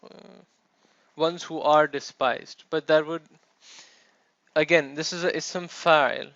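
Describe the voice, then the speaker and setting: A man's voice: fairly high pitch, steady tone, slow, a bit bright, dry recording. A man teaching a classroom lecture, explaining step by step and checking in with his students. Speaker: Arabic teacher. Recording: dull, dry classroom recording.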